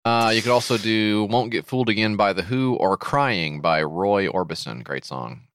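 A man's voice: on the low side, animated, normal speed, a bit bright, smooth, no room sound. A man co-hosting a podcast in casual comedic chat, swearing freely and riffing with sarcastic asides. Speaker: podcast co-host.

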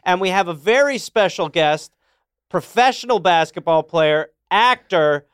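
A man's voice: high voice, lively intonation, measured pace, a bit bright, clean tone, no room sound, clean studio sound. A man hosting an advice podcast, greeting a caller in an upbeat, playful way. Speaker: podcast host. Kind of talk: casual chat.

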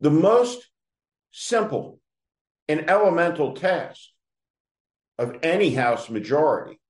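A man talking slowly and deliberately in a higher-than-usual, lively voice, biting down hard on each word with open scorn. He is a political commentator launching a direct-address rant. The sound carries a roomy echo. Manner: scornful, emphatic, addresses his target directly.

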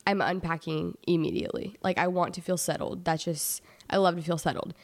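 A young woman co-hosting a podcast in casual chat, teasing and quick to laugh. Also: fairly low pitch. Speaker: podcast co-host.

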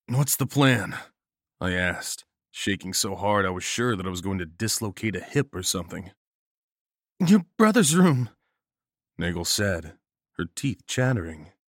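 A man narrating a horror story in a steady first-person storytelling voice. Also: sits low, no echo, studio quality.

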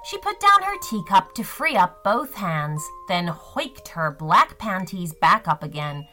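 A woman narrating a children's story in an expressive, sing-song storytelling way. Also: fairly low pitch, unhurried, faint music behind.

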